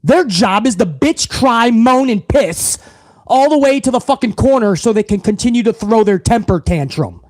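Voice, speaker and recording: A brash, foul-mouthed man hosts a live wrestling talk stream, loud and unfiltered as he rants at his viewers. His voice sits unusually high for a man and sounds close and bone-dry. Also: animated, moderate pace, no room sound. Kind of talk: profane live-stream rant.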